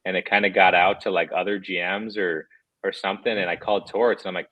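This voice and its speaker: Brief: man in his 30s, low-pitched, rambling candid storyteller, muffled dry audio. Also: fairly even intonation, a little fast, dry recording. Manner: rambling, candid, many fillers and restarts. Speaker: former hockey player guest. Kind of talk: casual interview chat.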